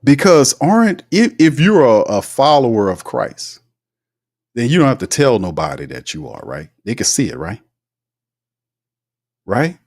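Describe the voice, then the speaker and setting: A man hosting a casual live sports talk show, reading out viewer comments in an animated, slangy way and laughing often. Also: mid-range voice, unhurried, pauses often.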